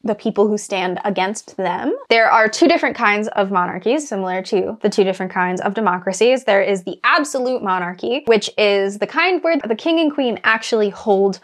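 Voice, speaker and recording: A young woman from the United States giving a casual, chatty lesson on storytelling, with frequent filler words and lively jumps in pitch. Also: normal speed, few pauses. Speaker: writing tutor. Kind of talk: casual explanatory talk.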